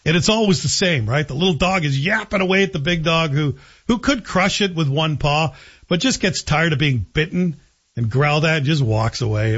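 A man hosting a radio talk show, giving animated, sarcastic opinion commentary. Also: a little high, moderate pace, husky. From Canada. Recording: dull lo-fi broadcast audio.

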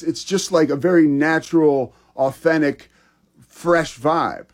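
A man's voice: on the high side, very animated, a little slow. A man co-hosting a sports talk show, chatting in an enthusiastic, conversational way. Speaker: sports podcast co-host.

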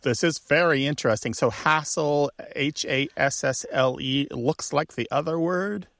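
A man's voice: on the high side, unhurried, a bit bright, no room sound, studio quality. A man co-hosting a radio show, chatting casually and asking clarifying questions in a friendly, jokey way.

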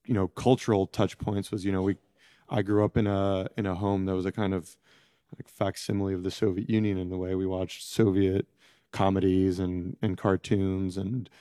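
Low, mellow-voiced man, halting. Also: little pitch movement, no echo, studio quality. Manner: halting, searching for words. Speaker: interview guest, former prisoner. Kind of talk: reflective interview answers.

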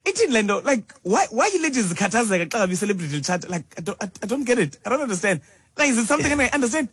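A man hosting a casual radio chat, animated and teasing, often laughing. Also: high-pitched, racing, husky, no room sound. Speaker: radio host.

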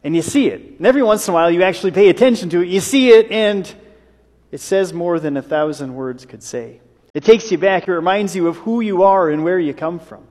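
A man pastor gives a Sunday sermon, speaking in a somewhat high voice. He tells his story in waves, rising in force and then sinking to near-whispers. The sound carries a long reverb from the church hall. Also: a little fast. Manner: storytelling, builds in waves then drops to a hush.

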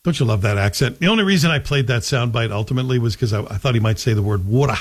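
Talking very fast with a breathy edge, this morning talk radio host has a mid-range voice and keeps up casual, chatty commentary that's wry and self-mocking.

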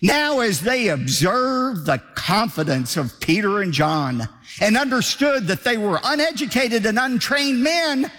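High, lively preaching man in reverb. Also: measured pace. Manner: emphatic, declamatory preaching with repetition. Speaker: pastor. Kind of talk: sermon.

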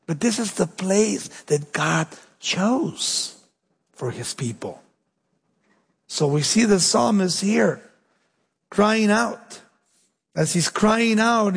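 A man with a high, husky voice preaches a sermon, pressing his points and sinking low and slow for weight. His voice rings out with the long echo of a large hall. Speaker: pastor.

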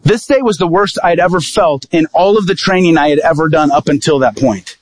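A man preaching as an evangelist, telling a personal story in a lively sermon style and acting out what people said. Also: on the high side, brisk, dry recording. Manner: vivid storytelling, acting out quoted dialogue.

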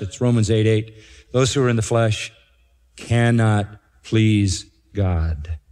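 A man's voice: mid-range voice, darkish tone. Man preaching in a reverberant hall. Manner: emphatic, repeats key phrases, slows for stress. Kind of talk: expository sermon.

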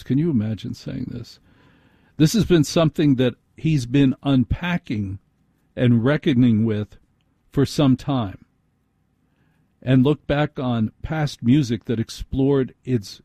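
Male talk host, sarcastic ranter, mellow husky tone. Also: medium pitch, no room sound, clean studio sound. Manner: sarcastic, ranting, scoffing. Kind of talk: opinionated talk radio monologue.

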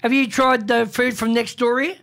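A man's voice: extremely high pitch, flat delivery, normal speed, fairly bright tone. An Australian man co-hosting a radio talk show, brash and blokey, tacking "mate" onto nearly every sentence.

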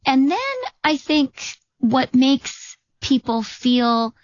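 A Canadian woman politician answering interview questions in a measured, earnest way, telling anecdotes. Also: sits high, steady tone, no echo, muffled recording. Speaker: politician guest.

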